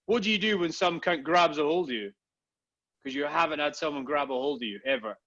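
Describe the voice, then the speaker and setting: High-voiced sweary podcast man. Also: a little fast, bright, forceful tone, dull audio. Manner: sweary, rambling storyteller. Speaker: podcast co-host. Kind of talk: casual banter.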